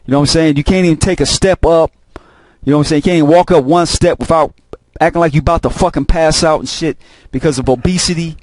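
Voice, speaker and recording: Man, rambling profane monologue, repeats himself, slightly high voice, dry close recording. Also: fast, a little mellow, dry recording. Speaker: host of a video channel.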